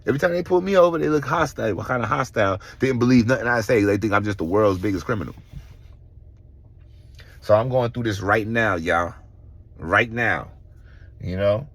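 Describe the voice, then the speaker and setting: Man, middle-aged, fairly low voice, casual vlog storytelling, animated, swears a lot. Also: a little fast, pauses often. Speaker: vlogger.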